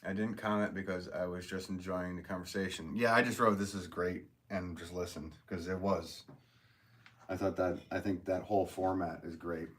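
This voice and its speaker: A man with a notably low voice hosts a casual live stream and reads viewer comments aloud. He is upbeat and chatty, laughs often and thanks people warmly. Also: fairly even intonation, moderate pace. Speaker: potter hosting a live stream.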